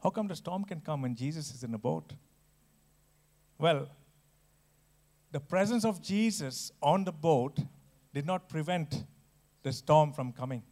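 A man preaching a sermon, earnest and emphatic, with restarts and dramatic pauses. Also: a little high, animated, darkish tone.

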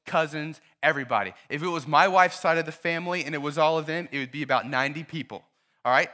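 A pastor, a man with a voice on the high side, preaches a sermon in church. He tells his congregation a story and poses lively questions to them.

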